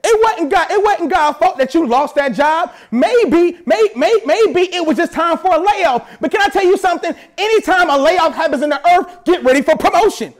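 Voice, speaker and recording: Male pastor, very high voice, animated sermon delivery with joking asides. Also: normal speed, few pauses. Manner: animated preaching with playful asides. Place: church service.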